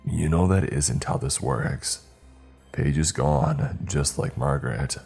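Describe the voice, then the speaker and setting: A man voicing a grieving middle-aged father, speaking slowly in a wavering, broken baritone. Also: husky, soft background music, heavily acted. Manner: slow, muttered, flat monotone.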